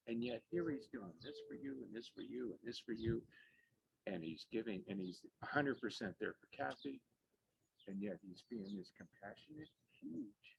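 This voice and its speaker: A man speaking at a memorial gathering, heartfelt and halting, often repeating words as he searches for what to say. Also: a little high, gravelly, a little mellow, a little hiss or hum, low-quality recording. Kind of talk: eulogy at a celebration of life.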